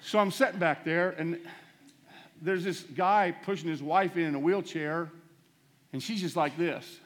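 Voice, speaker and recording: A man preaching a storytelling sermon, animated and self-deprecating, swinging between loud bursts and hushed asides as he acts out the dialogue. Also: a little high, a little slow.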